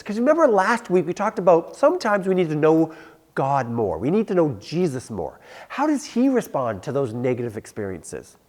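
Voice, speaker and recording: A young adult man preaching a youth sermon, telling stories and acting out voices as he goes. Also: fairly high pitch. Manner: animated, acts out voices, laughs at own stories. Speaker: youth pastor.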